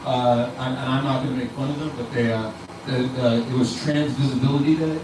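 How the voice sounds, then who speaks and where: A man's voice: medium pitch, fairly even intonation, fairly quick, noisy background. A male stand-up comedian rambling through a profane set, doubling back and restarting his sentences, in a comedy club. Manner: rambling and self-interrupting, profane. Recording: echoey club room from a distant mic. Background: crowd ambience.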